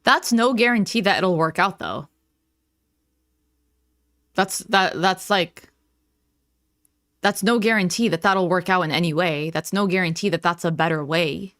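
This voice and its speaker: A woman's voice: lowish voice, measured pace, long pauses, fairly bright tone, no room sound, studio quality. Chatty woman reacting live to clips. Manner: chatty, talks back at the clip, thinks aloud. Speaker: reaction channel host.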